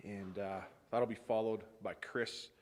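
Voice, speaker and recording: A man speaking as pastor at a memorial service, telling stories of a friend with light laughter, then leading a hushed prayer. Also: lowish voice, steady tone, measured pace. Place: funeral service hall.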